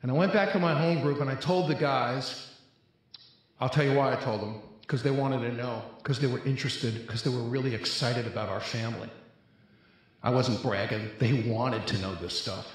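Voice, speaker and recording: A man's voice: medium pitch, steady tone, normal speed. A middle-aged man telling a humorous personal testimony at a recovery convention, acting out the quotes as a comic storyteller on a stage mic. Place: large convention hall, live audience. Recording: echoey large hall.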